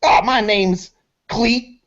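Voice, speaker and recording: A man voicing a frantic, foul-mouthed male vagrant who yells and rambles. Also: high voice, pitched above the performer's own voice. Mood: rambling. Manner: shrieking, swearing, rapid. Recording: dull lo-fi audio.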